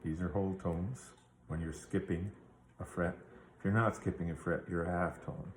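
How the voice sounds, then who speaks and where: Low-voiced man explaining guitar theory. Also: steady tone, moderate pace, roomy sound, slight background noise. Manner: patient, explanatory, with fillers and checks like "right?". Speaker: music teacher.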